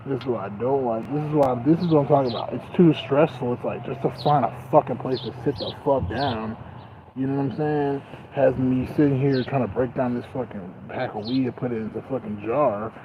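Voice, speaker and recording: A young man livestreaming from outdoors on grass, rambling casually and cursing in frustration, his voice rising loud and dropping to mutters. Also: mid-range voice, fairly quick, highs cut off, background noise. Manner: profane, frustrated, swings loud and quiet.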